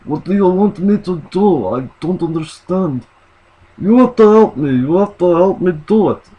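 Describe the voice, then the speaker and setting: A man's voice: high voice, animated, normal speed, husky, dull audio, voice pushed up. A man voicing a confused guy who pretends to be a foreigner and keeps asking for help. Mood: pleading. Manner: pleading, bewildered.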